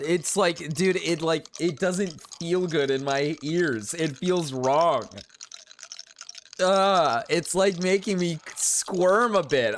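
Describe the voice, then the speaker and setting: A young man streaming live and reacting to videos, excitable and giggly, swearing freely. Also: a little high, slight background noise.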